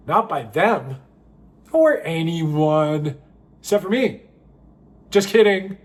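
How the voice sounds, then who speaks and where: Wry high-voiced man telling a story. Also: animated, takes it slowly, pauses often. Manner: wry, self-mocking, rambling with fillers. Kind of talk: comic personal storytime.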